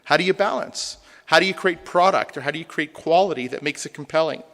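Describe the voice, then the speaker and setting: A man's voice: fairly high pitch, fast talker, fairly bright tone. A man, a rabbi, lecturing a congregation with humor and rhetorical questions. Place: synagogue hall. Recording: long hall reverb.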